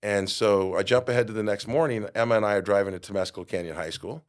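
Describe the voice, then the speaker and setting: A middle-aged man with a somewhat low voice tells a personal story on a podcast. He acts out other people's lines and swings from quiet asides to loud outbursts. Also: quick pace. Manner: animated storyteller, acts out quotes with big jumps in loudness. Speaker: guest.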